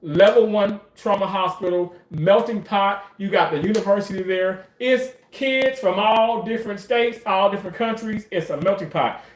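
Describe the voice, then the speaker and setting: A man's voice: high voice, moderate pace, hardly any pauses. Profane storytelling man in an echoey room. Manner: profane, emphatic, repeats himself for effect. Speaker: commentator. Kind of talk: casual storytelling.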